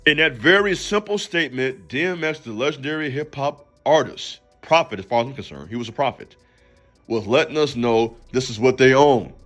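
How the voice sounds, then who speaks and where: A man's voice: mid-range voice, animated, a little fast, fairly bright tone, faint music behind. A man hosting a faith channel, giving a motivational talk in an emphatic, preachy way and calling out to the listener directly. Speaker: channel host.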